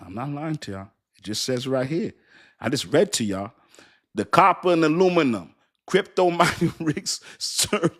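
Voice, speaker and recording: A man hosting a casual crypto livestream, joking and talking straight to his viewers in an animated way. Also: on the low side.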